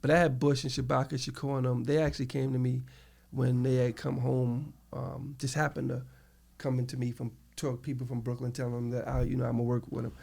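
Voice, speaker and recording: Middle-aged New York man, very gravelly, animated storyteller in a casual interview. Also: medium pitch, fairly quick. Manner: animated storytelling, acts out quoted people. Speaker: interview guest.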